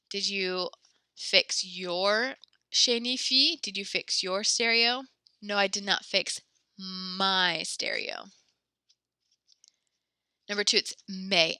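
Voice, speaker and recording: Bright, brisk woman teaching French. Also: medium pitch, gravelly, no room sound. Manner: patient, encouraging, explains step by step. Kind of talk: classroom teaching.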